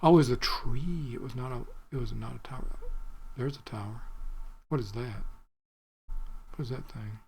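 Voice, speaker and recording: A man's voice: medium pitch, moderate pace, vocal fry, long pauses, darkish tone, a little hiss or hum. A man giving rambling, chatty commentary while playing a video game, thinking aloud and drifting off topic. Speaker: gaming video creator. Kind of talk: rambling let's-play commentary.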